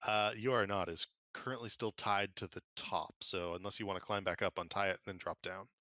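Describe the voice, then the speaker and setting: Relaxed man running a tabletop game. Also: sits low, no echo. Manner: relaxed, filler-heavy narration with quick voiced bits for side characters. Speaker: game master.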